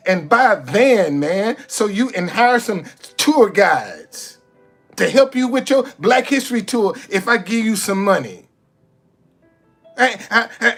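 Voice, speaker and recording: A high-pitched man preaches in a sarcastic street monologue. He restarts his sentences over and over, stammering on the same words. Faint music plays underneath. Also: fairly bright tone. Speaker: street activist vlogger. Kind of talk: impassioned monologue.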